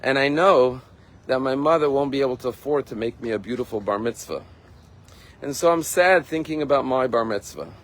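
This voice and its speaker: A man's voice: medium pitch, brisk, natural voice. A man voicing a sad, eager young orphan boy within a sermon story.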